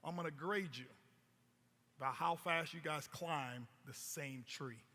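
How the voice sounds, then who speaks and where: Guy doing a stubborn professor in a fable, bright voice, echoey hall. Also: on the high side, slow pace, pitched below the performer's own voice, exaggerated voice. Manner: flat, rule-bound insistence. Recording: long hall reverb.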